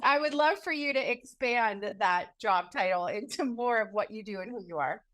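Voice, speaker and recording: A woman's voice: mid-range voice, expressive, moderate pace, a bit bright. A woman co-hosting a podcast, introducing and encouraging her guest in an easy conversational manner. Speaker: podcast co-host. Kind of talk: conversational interview.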